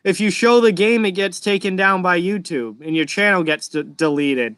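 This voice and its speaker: A young man with a mild Massachusetts accent talks casually through a live hockey reaction stream, breaking off to answer questions from the chat. His voice sits high and bright. The sound is dry and close. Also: moderate pace, clear, resonant tone, no echo.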